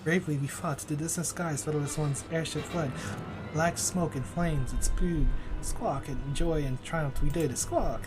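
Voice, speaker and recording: Squawk and scold as a ruffled, proud bird beastman, a man putting it on over lively game music, the voice sitting a touch high, every sentence turned back to front, sharp cries breaking through. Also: moderate pace, lightly acted. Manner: squawks, backwards word order.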